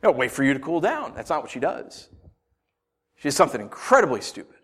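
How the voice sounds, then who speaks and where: A man preaching a sermon as pastor. He talks in a conversational, joking way and swings from quiet asides to loud emphasis. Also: medium pitch, sing-song, quick pace, breathy edge.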